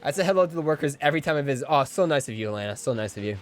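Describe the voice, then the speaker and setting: A man livestreaming a video game, commenting casually and excitedly, joking and talking to his chat. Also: fairly high pitch, racing, a little hiss or hum. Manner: excitable, jokey, talks to chat. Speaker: game streamer. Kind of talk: casual live gameplay commentary.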